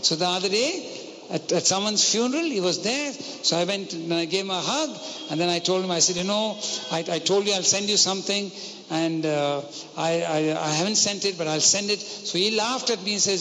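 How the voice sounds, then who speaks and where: A man with a high-pitched, pushed and bright voice preaches a sermon a little fast, sharing a personal story and posing rhetorical questions to the congregation. The recording has long hall reverb and faint noise.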